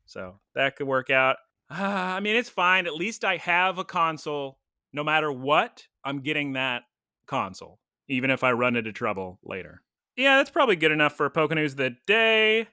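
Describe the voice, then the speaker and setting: Animated, chatty woman podcast co-host. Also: low-pitched, moderate pace, clear, resonant tone, dry recording, studio quality. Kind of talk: casual chat.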